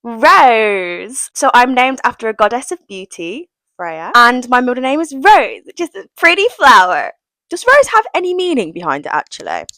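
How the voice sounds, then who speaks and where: A woman's voice: fairly high pitch, wildly swooping pitch, moderate pace, pushed and bright, no echo, poor audio. A young woman, chatting in a casual, self-deprecating way for a get-to-know-me vlog and often giggling. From England, West Midlands. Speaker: vlogger.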